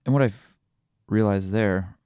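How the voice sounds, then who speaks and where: A man hosting a podcast, thinking out loud in a casual reflective monologue, searching for words with frequent restarts. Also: on the low side, a little slow, clean tone, dry recording, studio quality. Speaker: podcast host.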